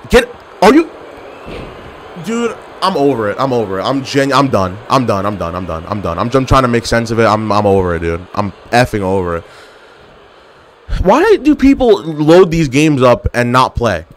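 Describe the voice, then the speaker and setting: A man's voice: mid-range voice, very animated, moderate pace, slight background noise. A young man giving live gameplay commentary, trash-talking his opponents and getting exasperated with the match. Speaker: gaming commentator.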